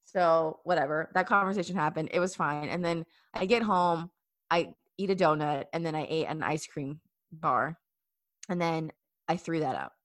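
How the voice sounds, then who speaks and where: A young woman in her twenties telling a story in casual chat, animated and full of fillers. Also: low voice, moderate pace.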